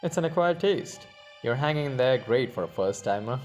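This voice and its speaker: A man's voice: mid-range voice, lively intonation, normal speed, a little mellow, faint music behind, close to an everyday voice. A man voicing a cocky, roguish male adventurer who teases his companions in a story game. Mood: teasing. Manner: smug, teasing banter.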